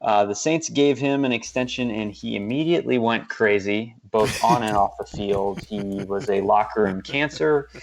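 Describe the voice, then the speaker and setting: A man's voice: fairly low pitch, normal speed, hardly any pauses. Rambling man on a sports podcast. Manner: rambling, many fillers and restarts. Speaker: podcast co-host. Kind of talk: casual sports podcast chat.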